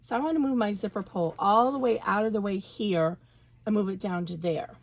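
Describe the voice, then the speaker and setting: A woman's voice: mid-range voice, fairly quick, vocal fry, slight background noise. A woman giving a casual, chatty sewing tutorial, talking through each step as she works and correcting herself along the way. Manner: chatty, self-correcting, talks while working. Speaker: embroidery instructor.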